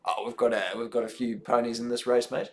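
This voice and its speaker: A man's voice: mid-range voice, little pitch movement, roomy sound. A man co-hosting a casual live stream while watching a race, joking and swearing as he goes. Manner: joking, swearing, quick back-and-forth. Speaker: stream co-host.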